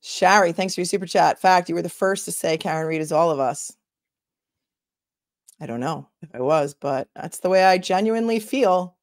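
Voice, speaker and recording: A woman's voice: fairly low pitch, moderate pace, no echo, clean studio sound. A woman attorney hosting a casual livestream, chatting and answering viewer comments as she thinks aloud.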